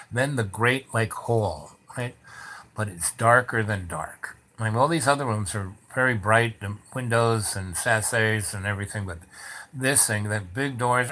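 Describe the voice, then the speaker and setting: A man telling a long anecdote in a loose, rambling way, with many fillers and restarts and lively bits where he acts out the people in it. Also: on the low side. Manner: animated, acts out the voices of people in the story. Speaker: storyteller. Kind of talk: casual spoken anecdote.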